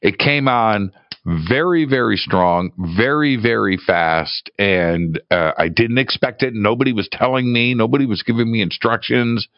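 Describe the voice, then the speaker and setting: A man telling a personal story in a casual, halting way, often repeating words and restarting. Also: lowish voice, no room sound, muffled recording. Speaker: guest telling a travel story.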